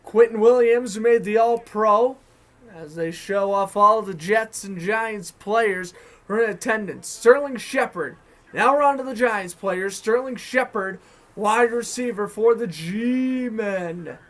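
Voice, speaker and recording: A man with a Boston accent giving chatty, excited fan-made play-by-play commentary on a hockey game. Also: sits high, a little slow. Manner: excited, chatty, self-correcting. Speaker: sports commentator.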